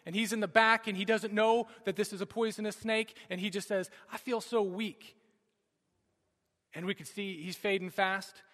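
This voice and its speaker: A man in his thirties delivers a sermon, moving from loud urgency to near-whispered moments. His voice sits high and rings bright. A long reverb from a large hall trails each phrase. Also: fairly even intonation, a little fast, hardly any pauses. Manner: dramatic storytelling, swinging from loud urgency to hushed. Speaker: pastor. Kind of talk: sermon with personal story.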